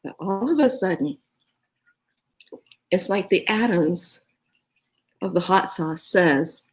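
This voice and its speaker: A woman's voice: lowish voice, slow. A woman vlogger casually telling a story and acting out her own reactions, then giving earnest advice on energy and manifestation. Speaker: spiritual vlogger.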